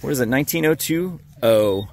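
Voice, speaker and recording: A man's voice: mid-range voice, animated, brisk, creaky, a little mellow. Upbeat man narrating a dig outdoors. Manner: upbeat, cheering on his friends. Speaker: metal detecting vlog host. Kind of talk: casual on-the-spot narration.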